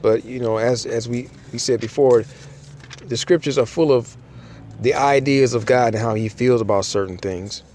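A man's voice: medium pitch, normal speed, darkish tone, a little hiss or hum. A man giving an informal Bible teaching, talking it through with frequent restarts and reading King James verses aloud. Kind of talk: informal sermon with scripture reading.

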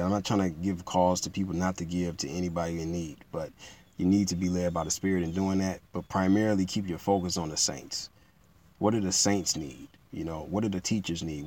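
A man preaching in a relaxed, conversational way, repeating himself and building to emphatic peaks. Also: low voice, slightly rough. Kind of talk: informal sermon teaching.

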